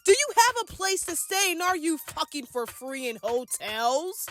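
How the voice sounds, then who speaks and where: A woman's voice: high voice, sing-song, normal speed, over music, voice pushed up. A woman voicing a brash grown woman who demands blunt, profane answers. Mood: confrontational. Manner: confrontational, profane.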